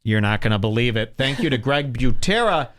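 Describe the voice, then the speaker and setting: A man's voice: medium pitch, sing-song, fairly quick, a bit bright, dry recording, studio quality. A middle-aged man hosting a podcast, giving crude comedic commentary and mocking people by putting on voices for them. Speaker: podcast host.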